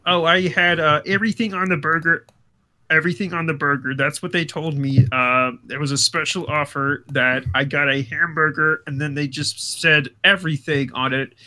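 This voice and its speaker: A man voicing the ghost of a dead puppeteer in a flattened Kermit-like voice, halting and swearing often. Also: on the high side, pitched below the performer's own voice. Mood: aggrieved. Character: ghost of a late puppeteer, grumbling middle-aged man. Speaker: podcast co-host. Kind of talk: improvised comedy bit.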